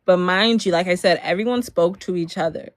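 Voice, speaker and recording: A woman's voice: fairly low pitch, fairly quick, no room sound. A young woman from Maryland telling a personal story in a storytime vlog, rambling with lots of fillers and frequent laughs.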